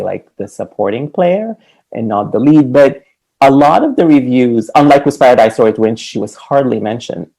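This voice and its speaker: A man's voice: fairly low pitch, vocal fry, dark tone, rough recording. A man co-hosting a podcast, talking casually and animatedly about a film, laughing often. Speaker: podcast co-host.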